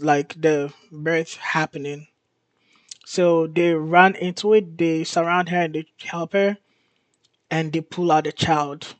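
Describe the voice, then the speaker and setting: A man hosting his show, casually recapping a TV episode in an excited, storytelling way. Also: fairly high pitch, no room sound. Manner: excited storytelling, laughs and gasps in disbelief. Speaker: host.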